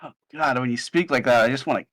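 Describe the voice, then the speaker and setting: A man's voice: medium pitch, quick pace, fairly bright tone, no room sound. A man playing a tabletop game, talking in a dry, laid-back way. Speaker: player.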